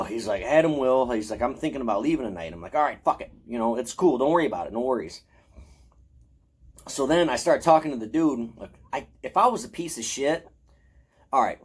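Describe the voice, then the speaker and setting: A man's voice: medium pitch, a little fast, husky. A man telling a casual, profanity-heavy story about his convention haul, acting out his own lines. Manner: profane, animated, acts out his own quotes. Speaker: horror convention vlogger showing his haul.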